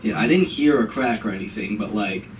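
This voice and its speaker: At an open mic on a comedy club stage, a young stand-up comedian tells a story, acting out his mother's lines in a raised voice. His voice is on the low side and a little fast, caught by a distant room mic with slight background noise.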